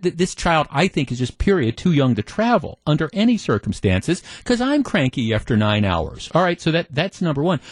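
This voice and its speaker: A middle-aged man hosting a talk radio show, telling a story in an animated, mock-exasperated way into a studio microphone. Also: on the high side, dry recording.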